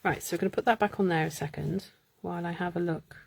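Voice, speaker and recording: A woman's voice: lowish voice, steady tone, fast talker, gravelly, husky. A woman hosting a live card-making stream, chatting, muttering to herself and laughing as she works. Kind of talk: casual live crafting chat.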